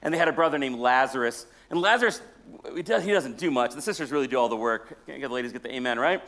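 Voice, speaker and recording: A man, a pastor, preaching a sermon as a storyteller who jokes with the congregation and swings between loud and hushed delivery. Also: mid-range voice, lively intonation, quick pace.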